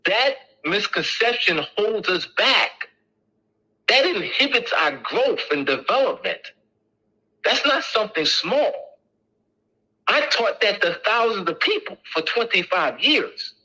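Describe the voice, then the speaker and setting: A middle-aged man lectures an audience in a high, sharp and forceful voice. He hammers each point with emphatic repetition, speaking casually but with insistence. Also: very animated, slow pace, breathy edge, low-quality recording.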